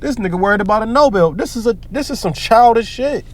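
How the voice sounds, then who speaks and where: A man with a high, very lively voice that swings up and down as he rants. He talks in a heated, profane, preachy way, like a street preacher. He breaks off to read scripture aloud in commentary style. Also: fast talker. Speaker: commentary vlogger.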